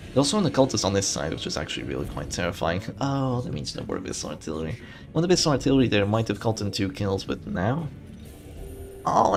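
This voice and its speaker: A man commentates a live game tournament on his stream, talking casually and thinking aloud. His voice sits low but moves a lot, rising and dipping as he reacts. Faint game music plays underneath him. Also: gravelly. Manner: animated, chatty, thinking aloud with frequent restarts.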